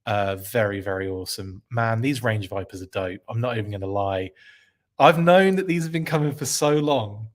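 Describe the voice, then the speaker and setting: A man's voice: on the low side, normal speed. A man hosting a live podcast stream, reacting with enthusiasm, rambling and correcting himself as he reads out chat comments.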